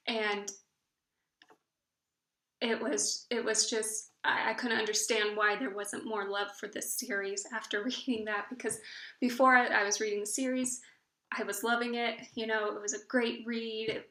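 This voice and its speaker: A woman book blogger tells stories in a casual, gushing ramble, tripping over her words and restarting. Her voice sits fairly high and sounds bright and forceful. The room around her rings with echo. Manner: chatty, gushing storyteller who stumbles and restarts often. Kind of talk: casual vlog chat. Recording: echoey room.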